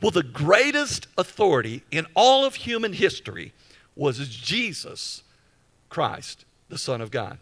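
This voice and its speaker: A man preaching with a high, bright voice that swings widely in pitch. He leans on repeated phrases and stretches key words slowly for emphasis, in the manner of an emphatic pastor's sermon. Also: big pitch swings.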